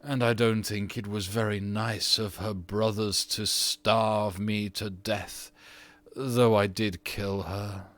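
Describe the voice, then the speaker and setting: A man voicing a petulant, haughty aristocratic ghost of an English nobleman in an audiobook reading, often drawing his words out slowly. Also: fairly low pitch, steady tone, fairly bright tone, no echo.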